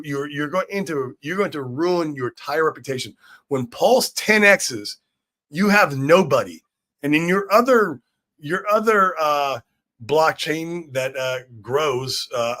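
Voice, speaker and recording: Hyped guy on a crypto livestream, bright voice, swears a lot, shouts out chat names. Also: medium pitch. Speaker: livestream host. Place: room in Shanghai.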